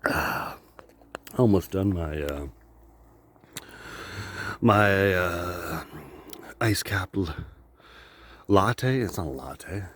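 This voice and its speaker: A man's voice: low-pitched, expressive, drawn-out words, pauses often, fairly bright tone, slight background noise. A man rambling through a joking, profane solo monologue, laughing often. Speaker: vlogger.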